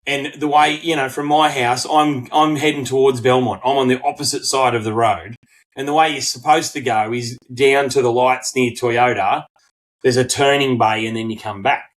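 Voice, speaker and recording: A middle-aged Australian man co-hosting a podcast, telling a story in casual chat, swearing freely and acting out quotes in animated bursts. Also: medium pitch, normal speed, poor audio. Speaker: podcast co-host.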